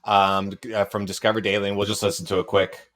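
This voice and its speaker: A man's voice: on the low side, flat delivery, fast talker, a bit bright. A man hosting a casual talk show, joking at his own expense in a playful way. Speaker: host. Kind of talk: casual chat.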